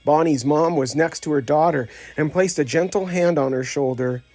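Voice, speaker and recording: Faint music sits behind this dry recording of a man narrating a children's story in a slightly high voice at a moderate pace. He's an audiobook narrator reading from a script, telling the tale expressively and giving each character a voice.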